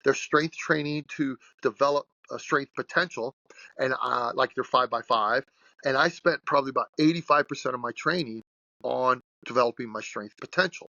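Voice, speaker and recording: Man, 60s, coach guest: gravelly and sharp, animated and blunt, dry muffled recording. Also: mid-range voice, moderate pace, no echo. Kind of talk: podcast interview storytelling.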